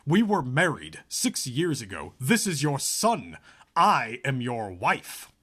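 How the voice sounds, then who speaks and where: A man's voice: mid-range voice, huge pitch swings, takes it slowly, bright, forceful tone, slightly rough, full character voice. A man reading as a wounded young wife. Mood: stunned. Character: young woman, guarded and wounded.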